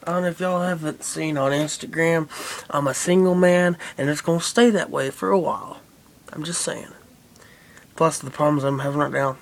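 A man's voice: a little high, steady tone, brisk, creaky. A young man rambling casually and profanely to his camera, with lots of fillers. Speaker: vlogger. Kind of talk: casual vlog chat.

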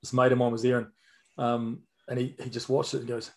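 A man's voice: mid-range voice, level tone, a little fast, creaky, darkish tone. Blunt middle-aged New Zealand man. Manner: storytelling, blunt with stammered restarts. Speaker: podcast co-host, former personal trainer. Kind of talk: casual chat.

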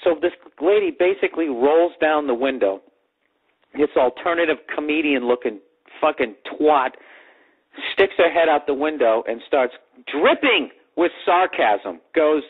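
A man's voice: a little high, lively intonation, a little slow, breathy edge. A man telling a profane comic story on his podcast, ranting and sarcastic, mimicking other people's voices. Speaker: comedy podcast host. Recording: tinny lo-fi podcast audio.

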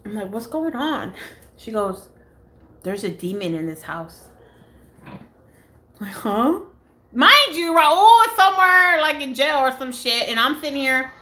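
Woman in her own home, live phone vlog, tells a story casually, swears a lot and acts out every quote, bright and lively. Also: high-pitched, unhurried. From United States. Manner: animated, swears freely, acts out others' lines. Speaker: beauty vlogger. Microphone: phone camera.

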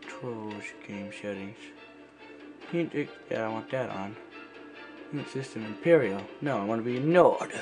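Over music, a man with a lowish voice gives unhurried let's-play commentary as he plays. His talk is casual, rambling, and playful, and he jokes around in put-on accents.

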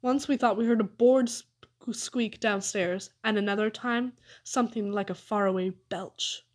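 A woman narrating a children's story aloud with an expressive reading. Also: medium pitch, moderate pace. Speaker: audiobook reader.

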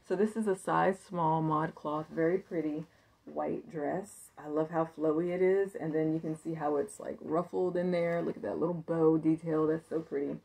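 Low-pitched woman rambling about her thrift haul, gravelly fry in her voice, lots of likes and ums. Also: steady tone, normal speed, darkish tone. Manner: chatty and upbeat, thinking aloud with fillers. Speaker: thrift reseller showing a haul. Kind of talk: casual haul video chat.

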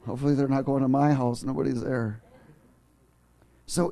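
A man preaching a sermon in church, joking with the congregation and then building to fervent, shouted passion. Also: mid-range voice, fairly even intonation, a little slow, gravelly, long pauses. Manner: jokey, rising to fervent shouting. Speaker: pastor.

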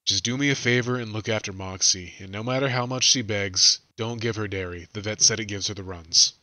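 A man voicing a gruff human spaceship engineer, speaking quietly with a waver of resolve, heard at a distance. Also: on the low side, unhurried. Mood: resigned. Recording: distant, as if over a hissing security recording.

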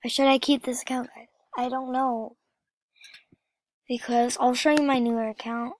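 A woman talking casually over a gameplay vlog, often dropping into a soft whisper. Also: sits high, flat delivery, moderate pace, dry recording. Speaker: gaming vlogger.

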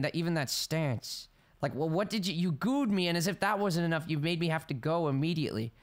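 Excitable male let's-player, lively voice that shrieks and rambles. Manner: excitable, shrieks high in panic, then rambles and jokes; reads game text aloud quickly. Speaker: gameplay streamer. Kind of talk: let's play commentary. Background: game music.

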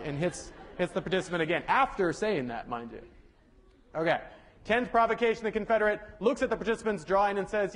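A man's voice: high-pitched, animated, a little fast. A young man from the Southern United States giving a casual university lecture, chatty and correcting himself with joking asides. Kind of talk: classroom lecture. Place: lecture hall.

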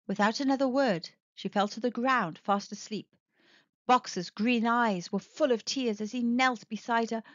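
A woman reads a children's storybook aloud with lively expression and a fairly high voice. The recording is dry and close but slightly dull and lo-fi. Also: unhurried, no echo. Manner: expressive, animated.

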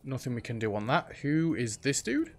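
A man's voice: medium pitch, very animated, normal speed. A man hosting a let's play, thinking aloud in casual gameplay commentary. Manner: chatty, thinks aloud while playing, frequent ums.

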